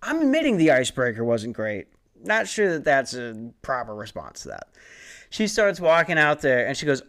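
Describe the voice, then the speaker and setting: A man's voice: medium pitch, huge pitch swings, moderate pace, fairly bright tone. A young man telling a rambling, profane, self-mocking story about his door-to-door sales job. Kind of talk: casual comedic storytelling monologue.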